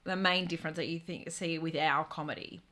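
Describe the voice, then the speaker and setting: A woman's voice: deep voice, fairly even intonation, a little fast, pushed and bright. A woman with an Australian accent, a comedian guest chatting casually and acting out voices in her stories. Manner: curious, imitates voices in anecdotes. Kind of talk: casual chat.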